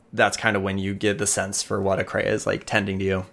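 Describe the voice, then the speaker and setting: Game master, man, low voice, casual, hesitant narration. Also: completely flat delivery, a little fast, vocal fry, fairly bright tone. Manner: casual, hesitant, many fillers.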